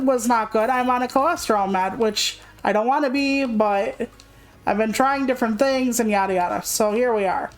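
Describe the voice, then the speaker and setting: A woman's voice: on the high side, rough recording. Candid, swearing young woman streamer. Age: young adult. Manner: candid, rambling, swears freely. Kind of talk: casual gaming stream chat. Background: faint game music.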